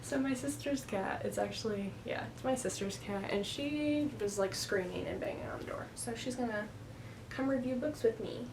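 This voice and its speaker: A young book vlogger chats casually at home into a camera on a stand, her fairly high voice moving at normal speed over some background noise. Her book haul talk is rambling and chatty, packed with "like."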